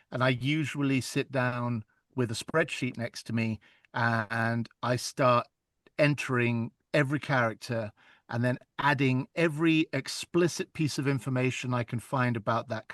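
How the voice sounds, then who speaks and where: A man, an audiobook narrator chatting in an interview, telling stories in a lively, animated way. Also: mid-range voice, dry recording, clean studio sound. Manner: chatty, animated storytelling with laughs. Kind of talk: casual interview chat.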